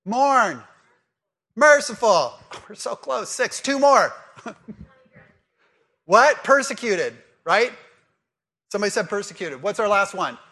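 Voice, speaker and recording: A man delivers a sermon in a high, bright voice. He quizzes the congregation and then settles into earnest teaching. He reads scripture aloud slowly. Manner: lively call-and-response with the congregation. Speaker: pastor.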